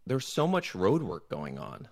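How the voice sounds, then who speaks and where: A man's voice: low-pitched, huge pitch swings, unhurried, gravelly. A man co-hosting a podcast, telling stories in a dry, rambling, casual way. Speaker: podcast co-host. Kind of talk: casual chat.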